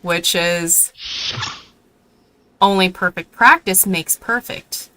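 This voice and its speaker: A man's voice: high-pitched, takes it slowly, a crowd in the background. A man in a casual chat, mostly giving short agreeing replies and questions.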